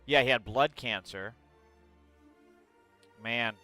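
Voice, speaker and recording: Man, streamer, casual livestream chat, blunt and profane, bright voice, faint music behind. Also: mid-range voice, slow pace. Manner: blunt, profane and chatty, reacts aloud while reading news.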